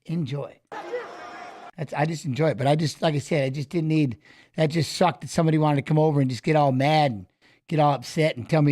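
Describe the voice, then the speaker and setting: Man, high voice, casual storytelling, profane, animated. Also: a little fast. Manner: animated, profane retelling of an argument. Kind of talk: casual storytelling, watch-along chat.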